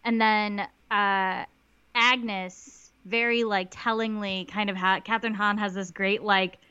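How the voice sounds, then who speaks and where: A woman's voice: medium pitch, steady tone, takes it slowly, sharp tone, clean tone, no echo, dull audio. A woman co-hosting a podcast, recapping a TV episode in casual chat with lots of "like" fillers. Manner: chatty, many "like" fillers, quotes lines in little voices. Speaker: podcast co-host.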